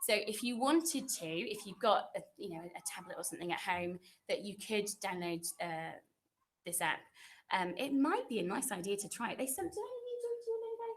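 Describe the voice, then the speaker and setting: At a normal speed, a woman with a mid-range voice and lively intonation greets new pupils in a chatty, reassuring way. She is a secondary school French teacher speaking into a computer microphone in her classroom, and her talk is full of fillers and restarts.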